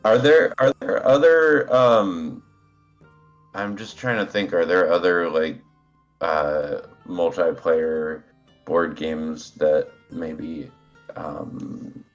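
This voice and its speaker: A congested man with a deep voice speaks very slowly as a guest player on an online game stream, soft music playing behind him. His chat is laid-back and meandering, dotted with hesitant fillers, and the audio is the dull, lo-fi sound of a phone on speaker.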